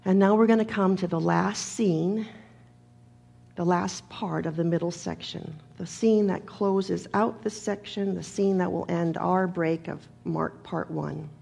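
A woman preacher delivers her sermon in a voice that is gravelly and slightly husky. She speaks in a measured, emphatic way and builds her points through repetition. Her pitch sits in a middle range. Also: darkish tone.

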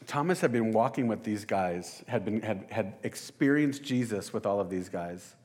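A man's voice: fairly low pitch, lively intonation, moderate pace, a little mellow. A man preaching a casual sermon, talking conversationally and with some self-deprecation, and addressing the congregation directly.

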